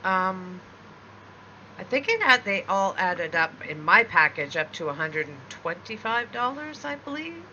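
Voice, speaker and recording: A woman co-hosts a gaming show in playful, casual banter and laughs easily. Her voice is very bright and sharp. The recording is dull and lo-fi. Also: mid-range voice, very animated, measured pace, a little hiss or hum. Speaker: gaming channel co-host. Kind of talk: casual chat.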